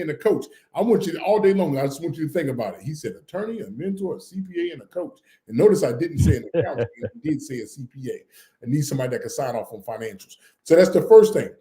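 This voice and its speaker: A man co-hosting a podcast, teaching in an energetic, emphatic way and repeating his key points again and again. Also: high-pitched, roomy sound. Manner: repetitive and emphatic, drills points over and over. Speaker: podcast co-host teaching business credit. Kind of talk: energetic live-stream teaching.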